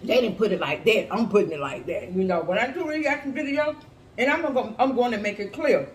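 A woman talks through a casual reaction video in a blunt, sassy, profane way. Her fairly high voice swings up and down a lot. The room is echoey, with a faint hiss underneath. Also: animated, brisk, recorded from a distance. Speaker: YouTube reaction commentator.

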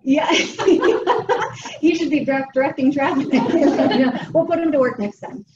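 A woman's voice: high voice, a little slow. A middle-aged woman from Wisconsin giving a talk to a meeting, telling a funny story in a chatty way and often asking "right?". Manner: chatty, humorous, keeps checking in with "right?". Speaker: guest speaker. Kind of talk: storytelling presentation. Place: meeting room. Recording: distant, roomy, dull and noisy.

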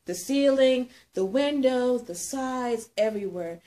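Animated woman telling a story. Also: fairly high pitch, unhurried. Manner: animated, acts out quoted voices. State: pregnant. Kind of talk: casual storytelling chat.

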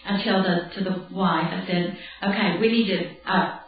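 A woman speaker teaching a conversational, animated sermon, often acting out bits of dialogue. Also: lowish voice, normal speed. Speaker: Bible camp speaker. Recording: distant, roomy, dull lo-fi hall recording with faint music.

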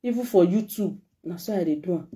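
A middle-aged vlogger with a Nigerian accent talks a little fast, her fairly low voice carrying a warm tone. She is giving her followers an emotional, heartfelt message straight to camera.

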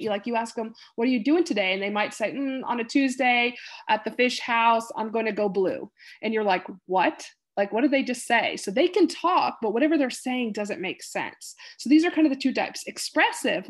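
A woman nursing instructor giving a casual recorded lecture, chatty and rambling, with many fillers and patient quotes acted out. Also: on the high side.

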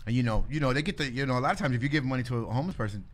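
A man speaks as a guest in a casual conversation about faith. He tells his story with animation and slips into the voices of the people he quotes. His pitch sits in the middle range. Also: animated, racing.

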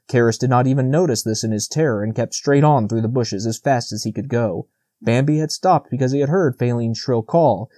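Man, audiobook narration, mellow warm tone, dry close sound, steady measured delivery. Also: mid-range voice, no echo.

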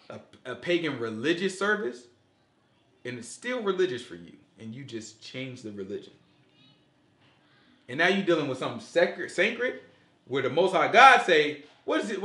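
Animated man preaching in an echoey room. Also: fairly high pitch. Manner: animated, asks the group questions, repeats "you know what I'm saying". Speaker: teacher leading a Sabbath study. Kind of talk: casual preaching to a small group.

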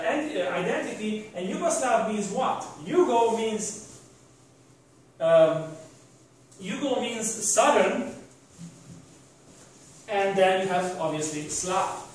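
In an echoey room picked up by a distant mic, a high-voiced man gives a university lecture, rambling, restarting, and tossing rhetorical questions at the class. There is slight background noise.

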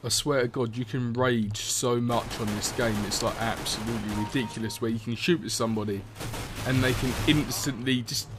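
A man's voice: medium pitch, steady tone, normal speed, music in the background. Rambling young man commentating a game. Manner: rambling, swears often, laughs at own stories. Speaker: gaming commentator. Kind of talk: casual gameplay commentary.

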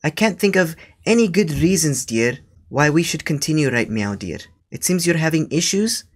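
A man's voice: a little high, very animated, moderate pace, slightly rough. A man voicing a fussy, scolding old grandmother on a prank phone call, who ends nearly every line with "dear" and rambles. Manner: says dear constantly, scolding, meandering. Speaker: scambaiter.

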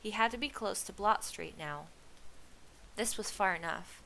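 A woman reading a novel aloud with steady, expressive storytelling. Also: mid-range voice, a little slow, gravelly, slight background noise, low-quality recording. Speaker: reader.

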